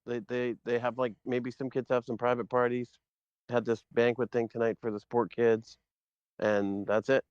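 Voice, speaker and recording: A man's voice: medium pitch, flat delivery, normal speed, smooth, no echo, muffled recording. A man co-hosting a podcast, chatting in a laid-back, offhand way. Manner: laid-back, brief reactions. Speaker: podcast co-host. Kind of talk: casual chat.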